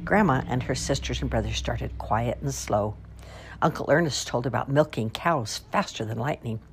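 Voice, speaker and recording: A woman reads a story aloud at an unhurried pace. Her voice sits very low and carries a husky, breathy grain.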